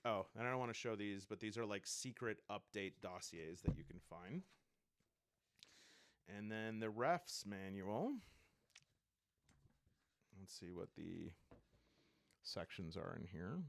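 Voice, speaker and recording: A man's voice: fairly low pitch, lively intonation, takes it slowly, creaky, long pauses, dry recording. A man casually flipping through and reviewing a tabletop game book, rambling and thinking aloud with enthusiasm.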